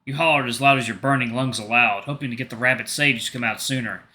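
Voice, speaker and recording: A man's fast, medium-pitched voice carries a story game's narration on his gaming channel. He keeps the reading steady but slips in casual remarks between passages.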